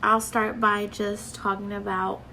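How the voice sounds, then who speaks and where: Chatty young woman with gravelly edge. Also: medium pitch, little pitch movement, a little slow, bright, forceful tone, slight background noise, rough recording. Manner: chatty, filler-heavy, quotes others in dialogue. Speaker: vlogger. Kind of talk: casual storytelling to camera.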